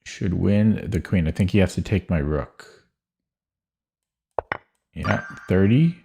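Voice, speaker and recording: A young man with a deep voice talks slowly through chess puzzles at his desk. He mutters, hesitates and corrects himself often as he thinks aloud. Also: vocal fry, dark tone, slightly rough. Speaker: chess streamer.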